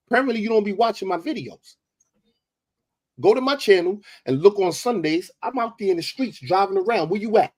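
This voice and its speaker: Confrontational New man, husky and higher-pitched, lecturing in a debate. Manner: confrontational, preachy, repeats for emphasis. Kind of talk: heated online debate.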